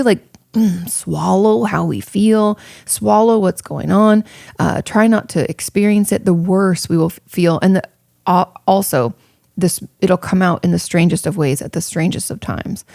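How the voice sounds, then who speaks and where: A woman therapist in her thirties answers listener questions on her podcast in a chatty, frank, reassuring way. Her voice sits low with a gravelly fry. The sound is dry and close. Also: darkish tone, dry recording. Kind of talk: casual advice podcast.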